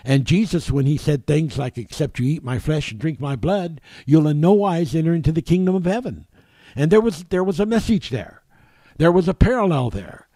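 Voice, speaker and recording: A man preaching a sermon, halting and repeating words, growing forceful when reading scripture. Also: on the high side, lively intonation, dry recording.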